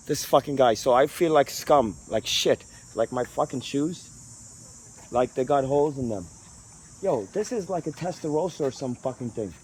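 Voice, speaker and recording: A man's voice: mid-range voice, a little mellow, husky. A man vlogging outdoors on a residential street into a handheld phone, talking in a rambling, profane, street-casual way. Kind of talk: casual walking vlog rant.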